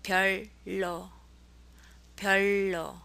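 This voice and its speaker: A woman with a gravelly, bright voice teaches a language class. She says each model phrase slowly, over-enunciates it and then repeats it for her students. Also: medium pitch, flat delivery. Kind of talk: language lesson.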